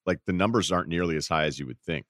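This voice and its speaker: A man's voice: low voice, very fast, fairly bright tone, no echo. A man as a podcast guest in casual sports chat, playful and riffing through mock bits in a studio. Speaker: podcast guest, basketball analyst.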